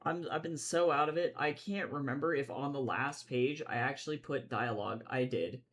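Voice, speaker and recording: A man streaming while he draws comics, chatting casually and rambling, swinging between loud excitement and low mumbling. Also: moderate pace. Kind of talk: casual livestream chat while drawing.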